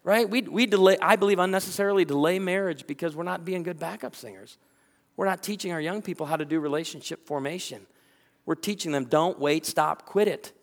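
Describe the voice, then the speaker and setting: Animated preacher in a reverberant hall. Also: male voice, on the high side, fairly quick. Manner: animated storytelling, acting out quoted voices. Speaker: pastor. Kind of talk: sermon.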